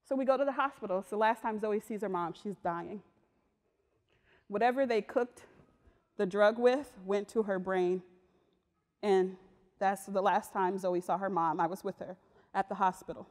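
A woman's voice: medium pitch, moderate pace, long pauses. Woman telling stories at a talk, casual slangy delivery, big echoey hall. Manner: lively, slangy storytelling that acts out voices. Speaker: visual and performance artist giving a talk. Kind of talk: personal storytelling talk. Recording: long reverb of a large hall.

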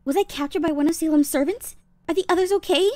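A woman voicing an anxious, apologetic young warrior girl in a fan audio drama, asking high, breathless, worried questions. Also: fast talker, darkish tone, no room sound.

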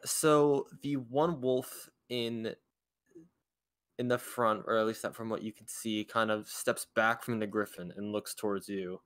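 A man narrating as dungeon master of a tabletop game over voice chat, halting and often restarting as he describes the scene. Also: fairly low pitch, steady tone, fairly bright tone, no room sound, clean studio sound.

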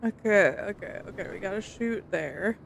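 A woman's voice: medium pitch, moderate pace, gravelly, slight background noise. A young woman casually commenting while playing a video game, playful and chatty with the odd swear. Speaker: gaming streamer. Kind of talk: casual let's-play commentary.

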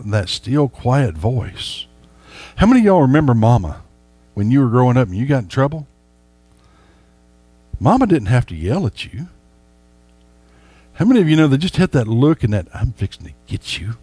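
A man's voice: fairly high pitch, no echo. A man preaching a sermon as a pastor, folksy and emphatic, speaking straight to his congregation.

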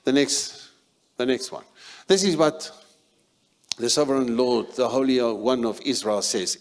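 A South African man preaching a sermon as a pastor, emphatic, shifting between loud and soft passages. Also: mid-range voice, steady tone, takes it slowly.

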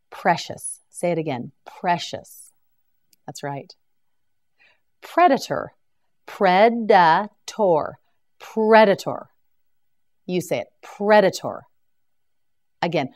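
A woman teaching English vocabulary as a slow scripted drill, pronouncing each word carefully for learners to repeat. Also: lowish voice, darkish tone.

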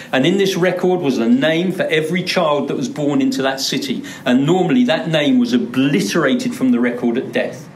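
A man's voice: mid-range voice, slight background noise. A male pastor preaching a sermon, driving points home by repeating words for emphasis. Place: church.

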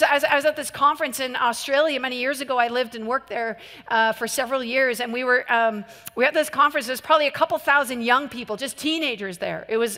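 A woman preaching a sermon, telling stories in an animated way and laughing now and then. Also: a little high. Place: church hall. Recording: long reverb of a large hall.

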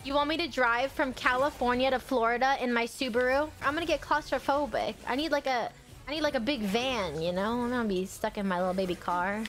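A young woman streaming a game from home, chatting casually and quick to burst into excited exclamations. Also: fairly high pitch. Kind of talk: casual gaming commentary.

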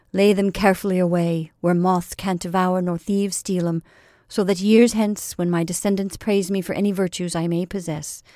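A woman's voice: fairly low pitch, a little mellow, no room sound, natural voice. A proud young soldier teases his sweetheart with playful bravado, as a woman reads him aloud. His talk is boastful and earnest at once, in a storybook reading with a dry, close sound. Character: young male soldier lover, proud and teasing.

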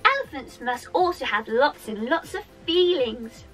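A woman's voice: sits high, very animated, measured pace, fairly bright tone. A woman with a British accent leading an interactive music session for young children, cheerful and sing-song, talking straight to the kids.

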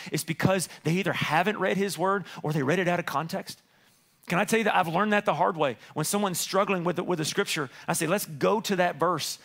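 A male pastor preaching a sermon, with a high voice. He is animated and playful and acts out voices in the stories he tells. He often turns loud and quick for a punchline. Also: vocal fry.

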